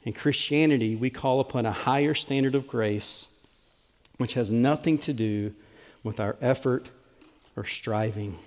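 A man's voice: medium pitch, measured pace. Preaching man in a reverberant hall. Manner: earnest, emphatic preaching that drops to soft and tender. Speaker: pastor. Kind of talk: sermon. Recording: long reverb of a large hall.

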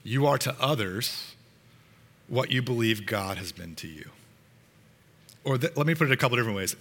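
A man's voice: mid-range voice, sharp tone, big-room sound. A man preaching a sermon to his congregation in an earnest, conversational way, sometimes restarting his sentences. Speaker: pastor.

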